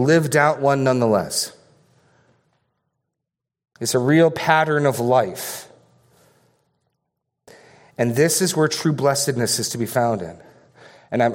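A man's voice: mid-range voice, in a large hall. A man preaching a sermon as pastor, earnest and emphatic, repeating phrases for stress.

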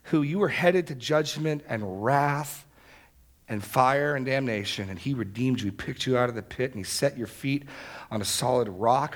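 Male pastor, mid-pitched, earnest sermon delivery that builds to emphatic peaks. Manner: earnest preaching that swells to loud, emphatic exclamations.

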